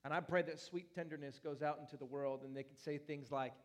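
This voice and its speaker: A young adult man preaching a sermon in a church, animated and playful, with loud and soft swings as he talks. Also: on the high side, fast talker, hardly any pauses. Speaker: pastor.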